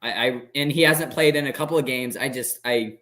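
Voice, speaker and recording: A man's voice: medium pitch, a little fast, a bit bright. A man co-hosting a sports podcast, talking in a hesitant way that often restarts and repeats words. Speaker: podcast co-host. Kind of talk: casual sports chat.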